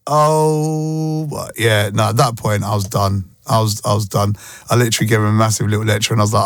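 A British man telling animated, slangy stories in casual chat, jumping from topic to topic. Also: on the low side, a little fast, dry recording, studio quality. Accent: British English. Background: music playing in the background.

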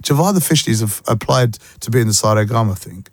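A man hosting a radio show, chatting casually and telling stories with animated voices. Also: fairly low pitch, fast talker, husky, no room sound. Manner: animated, playful storytelling with voices. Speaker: radio host.

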